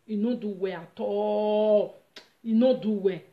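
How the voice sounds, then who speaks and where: A woman with a Nigerian accent casually retelling a story on her vlog, animated and dramatic. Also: mid-range voice, slow. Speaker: vlogger. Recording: roomy, slightly dull recording.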